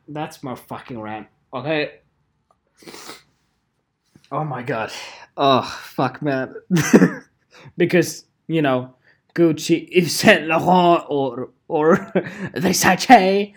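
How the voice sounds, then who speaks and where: Casual vlogger ranting, swears freely, drawn-out delivery with big pitch swings. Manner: animated, profane, repeats phrases, laughs often. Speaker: photographer vlogger.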